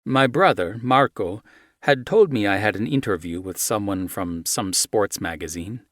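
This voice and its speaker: A man narrating a romance audiobook in the first person, in a measured, soft, intimate manner, on a close microphone. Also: on the low side, animated, dry recording.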